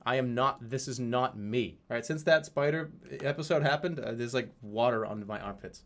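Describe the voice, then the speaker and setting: A man's voice: mid-range voice, moderate pace, faint music behind. A young man reviewing his viewers' emotes, rambling and joking, stumbling over his words and swearing. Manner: rambling, animated, swears, slips into silly voices. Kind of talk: casual comedic commentary.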